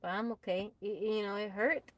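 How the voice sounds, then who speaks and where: Woman live streamer, chatty and laughing often, mid pitch, dry close phone sound. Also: fairly even intonation, a little fast, fairly bright tone, no echo, poor audio. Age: adult, mother of a child. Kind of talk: casual live-stream chat. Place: tiny house off the grid.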